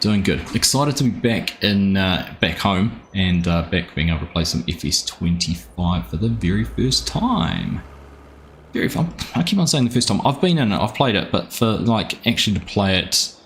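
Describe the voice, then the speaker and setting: A man's voice: deep voice, a bit bright, a little hiss or hum. A New Zealand man streaming a game live from home, chatting casually and greeting viewers by name. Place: home room.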